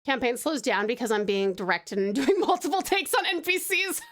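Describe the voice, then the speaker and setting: A woman's voice: sits high, lively intonation, moderate pace, fairly bright tone. A woman with an Australian accent, chatting casually with her stream chat while she draws, playful and laughing often.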